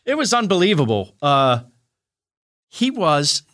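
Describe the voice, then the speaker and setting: A middle-aged man telling lively anecdotes as a podcast guest, excitable and quick to laugh. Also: a little high. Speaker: guest, writer-producer.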